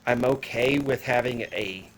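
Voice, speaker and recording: A man's voice: medium pitch, measured pace, low-quality recording. Guy kinda out of breath, casual rambling vlog outside, faint hiss, drifts off mic. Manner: rambling, plain-spoken, addresses viewers as guys. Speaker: car audio vlogger. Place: outdoors around a parked car.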